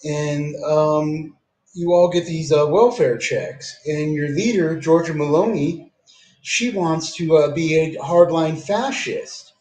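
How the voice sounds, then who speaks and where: A man's voice: a little high, slow pace, a little mellow, reverberant, poor audio. A man delivering a casual, profanity-laced, rambling rant to camera, repeatedly calling the listener "dude".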